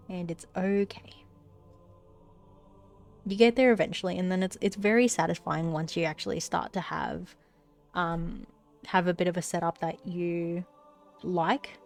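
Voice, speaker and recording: A woman's voice: on the low side, fairly even intonation, measured pace, gravelly, long pauses, faint music behind. Congested woman streamer chatting. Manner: rambling, swears casually, self-correcting. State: slightly out of breath. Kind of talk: casual live-stream chat.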